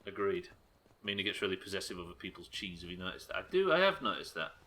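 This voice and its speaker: A man's voice: low-pitched, very animated, fast talker, pushed and bright. A man streaming a game live, chatting casually and joking with his chat, with frequent swearing. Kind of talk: casual commentary while playing.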